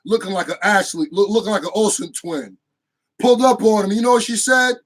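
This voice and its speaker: A man giving an excited, slangy, casual movie review with bursts of shouting and laughter. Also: high-pitched, brisk, rough recording.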